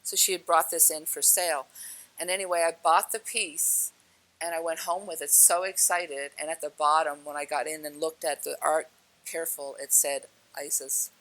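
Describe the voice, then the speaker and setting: A woman telling personal stories in a casual, animated way, laughing often and acting out the dialogue. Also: deep voice, moderate pace, rough recording. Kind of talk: casual spoken storytelling.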